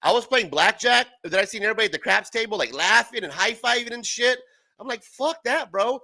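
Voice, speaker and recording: A young man hosting a livestream, his voice high and bright, swinging widely in pitch. He rambles through profane stories and laughs often, recorded close and dry. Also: animated, quick pace, vocal fry, no echo. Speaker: livestream host. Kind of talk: casual livestream chat.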